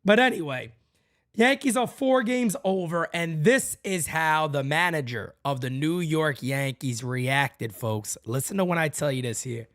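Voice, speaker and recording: This podcast host rants to his fan audience in a heated, blunt, profane style, addressing listeners directly as "guys" and "folks." His voice runs on the high side and a bit bright, at a measured pace, captured in clean studio sound with no echo.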